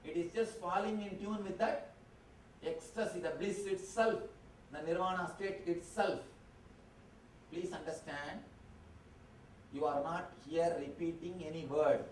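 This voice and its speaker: A high-pitched man leads a guided meditation, speaking in slow, short, calm phrases. His voice rings around a roomy hall. The mic sits at a distance, with faint ambience underneath. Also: a little hiss or hum. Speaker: spiritual teacher. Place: convention hall.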